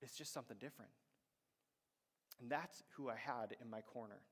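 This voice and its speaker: A man's voice: mid-range voice, a little fast, fairly bright tone. Casting note: male pastor, storytelling sermon, ringing church reverb. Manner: conversational storytelling, acts out quoted voices. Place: church sanctuary.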